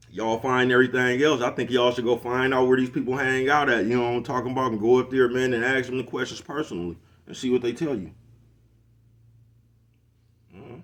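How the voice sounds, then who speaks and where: A middle-aged man ranting casually to the camera, laid-back and slangy, always asking if you know what he's talking about. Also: mid-range voice. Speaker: vlogger hosting his own show.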